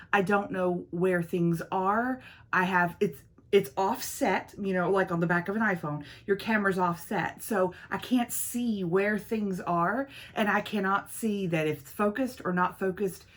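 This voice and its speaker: A woman's voice: medium pitch, a little slow. Rambly friendly woman chatting to her viewers while she does makeup at home, recorded on her phone. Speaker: beauty vlogger host. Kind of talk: casual chatty get-ready-with-me talk. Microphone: iPhone camera.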